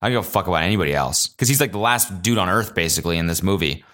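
A young man hosting a casual solo podcast, telling animated stories with lots of swearing and high-pitched acted-out quotes. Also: racing. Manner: animated storyteller, swears a lot, jumps high in pitch when acting out quotes. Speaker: podcast host.

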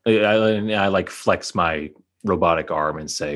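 A man's voice: low voice, unhurried, fairly bright tone. A man playing a tabletop game, laid-back and hesitant. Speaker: player. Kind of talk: casual tabletop play.

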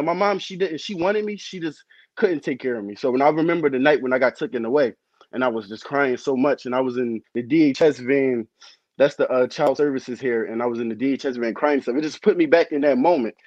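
A male caller on a video call, speaking earnestly and haltingly about his feelings. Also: medium pitch, darkish tone, no echo, lo-fi sound. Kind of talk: casual call-in chat.

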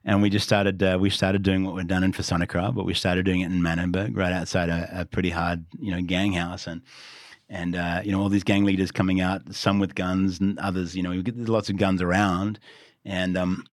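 A man's voice: deep voice, brisk, no echo, clean studio sound. A middle-aged Australian man, a pastor, telling stories as a guest in a podcast interview and acting out the lines he quotes. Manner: animated storyteller who acts out quoted lines.

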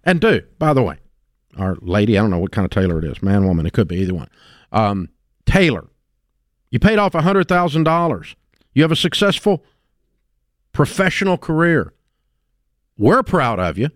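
An older man hosting a call-in advice radio show, talking in an emphatic, folksy way that swings from booming to hushed. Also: sing-song, normal speed, pauses often, no echo, studio quality. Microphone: studio microphone.

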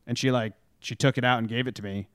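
A man's voice: medium pitch, fairly even intonation, fast talker, no room sound. A young man co-hosting a sports talk show, chatting casually and hesitantly with many fillers. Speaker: sports podcast co-host.

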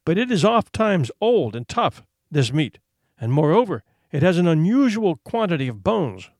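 A man's voice: fairly high pitch, very animated, moderate pace, a little mellow, no room sound, studio quality. A man reading a solemn, proud boy hunter. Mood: solemn defiant. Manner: formal old-fashioned solemn speech.

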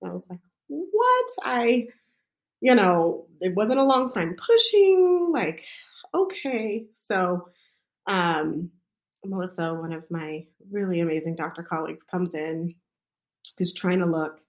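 A woman with a somewhat low voice tells a personal story in a casual, chatty way, as a midwife speaking from her own experience. Her talk is loose and conversational, with plenty of fillers. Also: lively intonation, takes it slowly.

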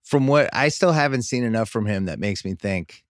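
A man hosts a studio podcast about sports, chatting casually while prodding his guest with probing questions and pushing the talk along. His voice is fairly low and expressive, at a moderate pace, with no echo.

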